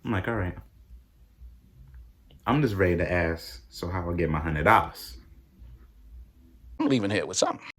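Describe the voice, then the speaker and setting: A young man talking casually to his camera in a vlog, with a fairly low voice. He retells his day with plenty of animation and keeps leaping up high when he acts out his own reactions. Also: animated, moderate pace, long pauses, a bit bright. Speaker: vlogger.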